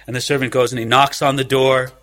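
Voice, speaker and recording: A man preaching a sermon from a Bible passage, asking rhetorical questions and acting out what the figures say, his voice swinging from loud to hushed. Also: medium pitch, level tone, fast. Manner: expository preaching, acts out the biblical figures' words. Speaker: pastor.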